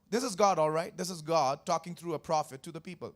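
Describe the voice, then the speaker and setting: A man's voice: fairly high pitch, quick pace, hardly any pauses. A man preaching a Sunday sermon as pastor, repeating phrases and putting questions to the congregation. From India. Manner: emphatic, repetitive, questions the congregation. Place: church service.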